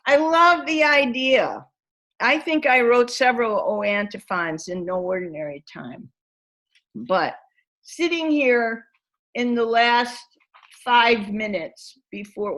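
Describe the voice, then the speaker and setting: A woman facilitator telling a personal story to a gathering, unhurried and spacious in her pacing. Her voice sits at a middle pitch, and she brings each scene to life with lively, expressive storytelling. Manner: vivid, animated storyteller who acts out scenes. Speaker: workshop facilitator and author. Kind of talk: storytelling talk to a spiritual gathering.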